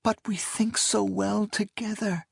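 An anguished woman begging her lover not to pull away, as a male audiobook reader puts her on. The voice sits higher than his own and stays husky and slow. It is recorded close and dry. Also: little pitch movement, no room sound, exaggerated voice. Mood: pleading. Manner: raised, pleading, emotional. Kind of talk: audiobook character voice.

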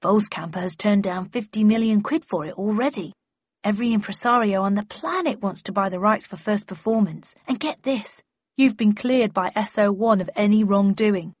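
A woman voicing a colleague who passes on news over the phone in a measured, matter-of-fact way. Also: mid-range voice, no echo, lo-fi sound, lightly acted. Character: hurried colleague passing on office news by phone.

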